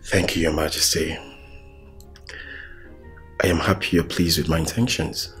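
A deep-voiced, deferential Nigerian suitor. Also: male voice, steady tone, a little slow. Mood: earnest. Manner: deferential, soft-spoken. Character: respectful young suitor before a queen. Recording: faint film music underneath.

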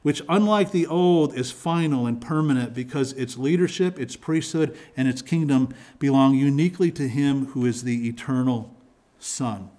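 A pastor preaching a sermon in church, explaining scripture in a teaching manner with frequent restarts and repeated words. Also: male voice, medium pitch, normal speed, mellow. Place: church sanctuary.

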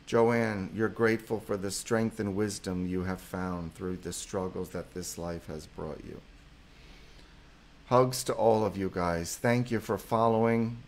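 Man, middle-aged, psychologist hosting live stream, effusive, lowish voice, reads viewer comments. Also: fairly even intonation, unhurried.

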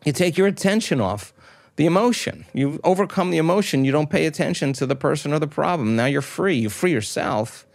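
A man's voice: on the high side, expressive, fairly quick, gravelly, no room sound, clean studio sound. A middle-aged man, a guest in an interview, explaining ideas emphatically with rhetorical questions and repeated phrasing. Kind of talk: explanatory talk.

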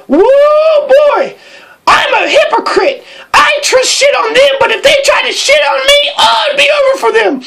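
A woman playing a profane, abusive teacher who rants and shouts about bullying her students. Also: extremely high pitch, creaky, heavily acted. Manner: shouting, profane, mocking rant.

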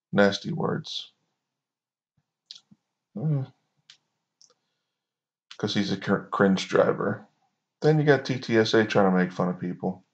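A man's voice: sits low, vocal fry. A man hosting a reaction video, giving sarcastic, mocking commentary. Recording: dull lo-fi recording.

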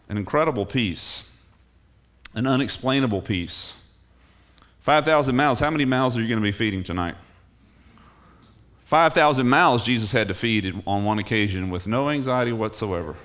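Man, pastor, church sermon, emphatic, rises on key phrases, medium pitch. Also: a bit bright. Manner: emphatic, rising on key phrases, restarts words.

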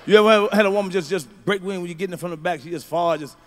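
A male stand-up comedian, delivering a profane routine with shouted punchlines. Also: high-pitched, very fast.

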